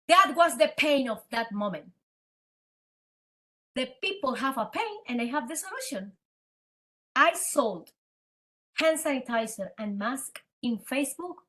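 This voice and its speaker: A woman with a Spanish accent, a native Spanish speaker, telling her story as a guest in a podcast interview in an animated, dramatic way. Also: high-pitched, a little slow, long pauses. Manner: animated, dramatic, acts out quoted dialogue. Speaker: guest entrepreneur.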